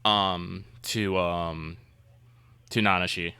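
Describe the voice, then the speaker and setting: A man playing a tabletop game, talking through his moves in a halting way with many restarts. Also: low voice, steady tone, sharp tone, clear, resonant tone, dry recording. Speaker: player. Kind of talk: casual tabletop game chat.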